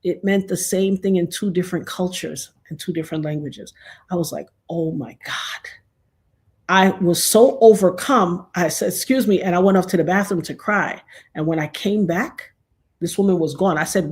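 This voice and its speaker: A middle-aged woman telling a personal story in a casual, animated way, acting out the other people's lines as she goes. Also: fairly low pitch, moderate pace. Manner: animated, acts out quoted dialogue.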